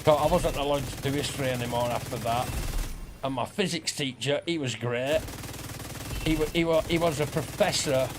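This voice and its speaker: A middle-aged gaming streamer rambles and swears through school anecdotes as he plays, casually telling stories over gameplay. His mid-range voice moves at a moderate pace against a noisy background.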